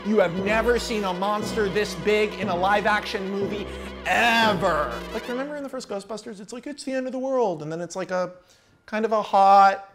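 A man casually telling a film pitch as a story, animated and profane, swinging from mutters to shouts. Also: normal speed, music in the background. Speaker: channel host, screenwriter.

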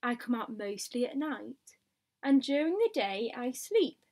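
Woman, storybook reader, higher voice, slow and unhurried, short diary entries, chatty asides to the listener. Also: big pitch swings, a little mellow. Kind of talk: reading a picture book aloud.

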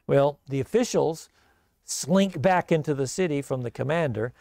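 A man's voice: medium pitch, moderate pace, creaky, warm tone, no echo. A man preaching a sermon, retelling a bible story in a casual, conversational way. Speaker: pastor.

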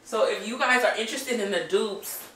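A woman's voice: mid-range voice, normal speed, bright, forceful tone, a little hiss or hum. A young woman vlogging to camera, emotional at first and then chatty and upbeat with her viewers. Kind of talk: emotional casual vlog talk to camera. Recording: echoey room.

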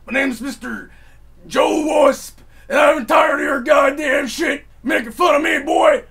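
A man voicing an angry male wasp who shouts threats in a high, strained yell. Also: vocal fry, full character voice. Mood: menacing. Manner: yelling, drawn-out menacing voice.

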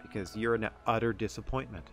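A man's voice: on the low side, brisk, a bit bright. A man streaming a game, making sarcastic, joking asides while reading the dialogue aloud. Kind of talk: gameplay commentary. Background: game music.

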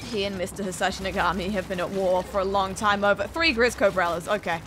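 A very animated woman with a mid-range voice talks at a moderate pace while streaming, giggling frequently and swearing at the screen in light, playful commentary. The background is noisy, with game music playing.

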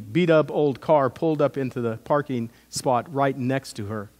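Animated preacher in a reverberant church. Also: male voice, a little high. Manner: storytelling with acted-out quotes, earnest and animated. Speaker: pastor. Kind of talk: sermon. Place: church sanctuary.

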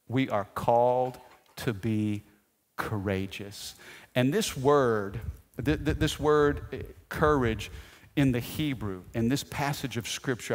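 A man preaching a sermon as pastor, telling stories with animated delivery and shouting out quoted lines. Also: medium pitch. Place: church sanctuary. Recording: long hall reverb.

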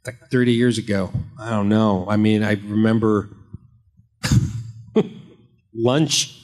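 A man's voice: on the low side, steady tone, slow, a little mellow, faint music behind. A man in his fifties, an actor at a convention panel, answering fan questions with rambling, joking anecdotes.

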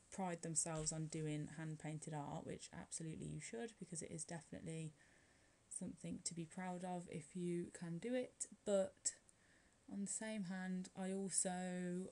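A woman's voice: fairly low pitch, mellow, slight background noise. A woman chatting casually through a nail art voice-over, rambling with frequent light laughs and filler words. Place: at home, curling her hair while recording.

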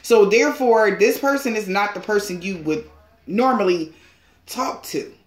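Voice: medium pitch, normal speed. An emphatic tarot reader in a roomy space. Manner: emphatic and pushy, laughs often, swears casually. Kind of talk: casual tarot reading to viewers.

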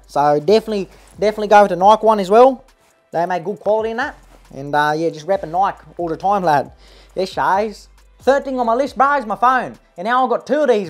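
A woman's voice: mid-range voice, lightly acted. Woman putting on a cocky aussie eshay lad, slangy, bragging, says bruh and lad nonstop, faint music under it. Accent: Australian. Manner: slangy, ends lines with "bruh" and "lad", boastful. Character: brash young male Australian eshay, cocky petty thief. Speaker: comedy parody host. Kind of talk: parody vlog monologue.

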